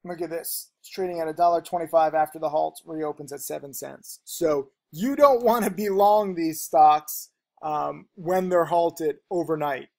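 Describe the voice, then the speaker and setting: A man with a somewhat higher-pitched voice teaching a casual trading lesson off the cuff. He talks rapidly and rambles, piling on fillers and restarting his sentences. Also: creaky.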